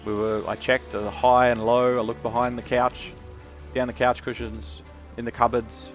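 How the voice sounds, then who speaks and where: A man's voice: mid-range voice, level tone, normal speed, faint music behind. A man chatting casually on his game stream, sweary and talkative. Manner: chatty, sweary, talks about accents.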